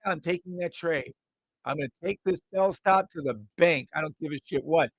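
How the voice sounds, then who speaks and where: A man hosting a live trading stream, calling out trades in quick repeated bursts, brash and profane, mocking imagined viewers. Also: fairly high pitch, dry recording, poor audio. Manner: mocks imagined viewers in a whiny voice.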